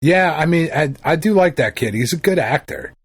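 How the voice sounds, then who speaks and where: Laid back podcast dude, kinda high voice, husky, talks real slow. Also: male voice, lively intonation, no echo. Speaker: podcast co-host. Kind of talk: casual chat.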